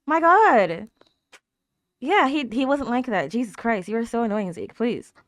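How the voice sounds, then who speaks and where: Lively young woman reacting to a show. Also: a little high, fairly quick, no echo. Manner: chatty, exclaims and laughs, talks back at the screen. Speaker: anime reaction host. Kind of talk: casual reaction commentary.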